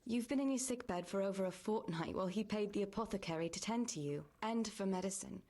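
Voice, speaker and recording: Woman voicing a young village girl in a game, caring but grieving, gentle hushed voice, medium pitch. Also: quick pace, close to an everyday voice. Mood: practical. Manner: gentle and soothing, often hushed. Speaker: video game character. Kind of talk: game voice acting.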